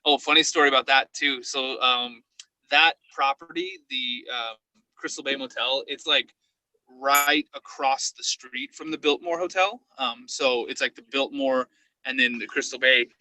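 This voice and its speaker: On a podcast, a man who investigates the paranormal shares stories in relaxed chat, performing quotes in an excited, high-pitched voice. He speaks in an unhurried way, and the audio is poor.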